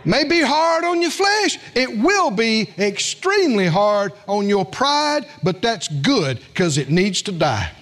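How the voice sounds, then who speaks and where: A man's voice: sits high, very animated, slow, a bit bright, some chatter behind. A man preaching a sermon as pastor, folksy, calling on the congregation to respond.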